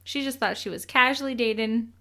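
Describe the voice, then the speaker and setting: A young woman co-hosting a casual true crime podcast, chatty and quick to laugh, swearing casually as she tells the story. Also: on the high side, sharp tone.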